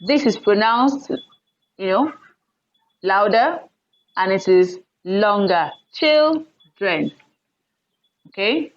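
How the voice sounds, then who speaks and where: A woman teacher giving an online English lesson on word stress, patiently explaining rules and repeating example words loudly with raised pitch. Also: expressive, slow, pauses often, muffled recording.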